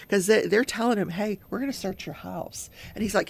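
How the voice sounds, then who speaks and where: A woman's voice: mid-range voice, moderate pace, vocal fry, slightly rough. An older woman hosting a casual talk show, recapping a trial and acting out quotes as she goes. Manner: chatty storyteller who acts out quotes. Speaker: crafting talk show host.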